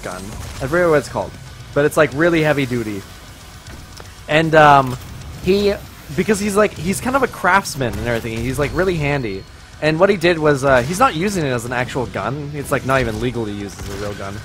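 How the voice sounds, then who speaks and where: A man chatting casually on a gaming stream, telling a childhood story in an animated, rambling way, often breaking into laughter. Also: mid-range voice, moderate pace, faint music behind. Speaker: stream co-host.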